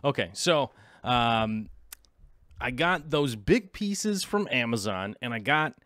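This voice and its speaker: A man's voice: mid-range voice, lively intonation, slow, a bit bright, dry recording. Rambling man with a dry, close sound. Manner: rambling, scatterbrained, self-interrupting. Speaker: aquarium hobby vlogger. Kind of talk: casual vlog chat while browsing links.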